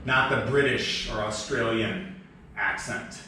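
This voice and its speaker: A man who teaches English, giving new teachers casual advice in a relaxed, rambling way with self-deprecating asides. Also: fairly low pitch, slow. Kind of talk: casual instructional chat. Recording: echoey room, mic far off, faint background noise.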